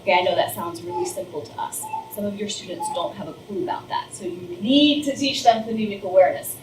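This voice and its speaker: A middle-aged first grade teacher gives a reading training lecture, talking fast in an animated, slightly mellow mid-pitched voice. She demonstrates sounds and overemphasizes them as she explains. The recording sounds roomy and distant with faint noise.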